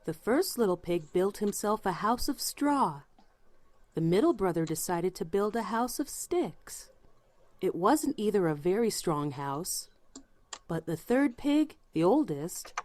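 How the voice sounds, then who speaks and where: A woman narrating a fairy tale as a scripted storybook read-aloud, with an expressive, unhurried delivery. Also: medium pitch, no echo.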